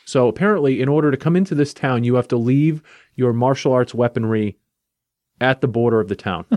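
A man hosting a casual chat, recapping a comic book plot in a lively, jokey storytelling way. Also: medium pitch, fairly quick, no echo, clean studio sound. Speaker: podcast host reviewing a comic.

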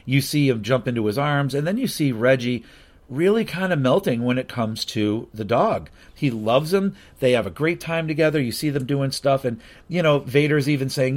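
A man's voice: medium pitch, normal speed. Man, comic reviewer, loose rambling delivery, filler-heavy, mid-range voice. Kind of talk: casual comic book review.

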